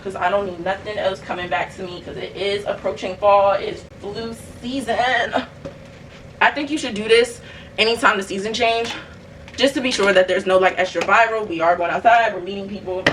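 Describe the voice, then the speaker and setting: A young woman vlogger, telling a story in animated, casual chat while cleaning her bedroom, addressing viewers as y'all. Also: mid-range voice, a little fast, recorded from a distance, slight background noise, poor audio. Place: bedroom at home.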